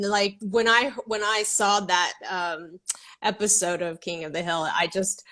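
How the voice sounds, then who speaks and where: A woman host from Texas in a casual interview, talking hesitantly with many fillers and restarts. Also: medium pitch.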